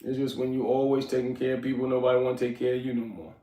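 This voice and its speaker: A man's voice: medium pitch, level tone, very fast, warm tone, reverberant, far from the mic. A middle-aged man hosting a casual livestream, rambling and streetwise as he talks to his chat. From New York. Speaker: livestream host.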